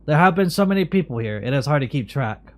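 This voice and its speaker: A man's voice: a little high, expressive, fast, close to an everyday voice. A man reading the lines of a weary, long-serving asylum caretaker in a game.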